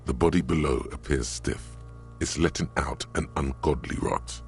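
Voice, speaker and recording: A man's voice: very deep voice, normal speed, faint music behind. A man voicing a grim, sardonic game narrator who describes the scene in dry, ominous tones.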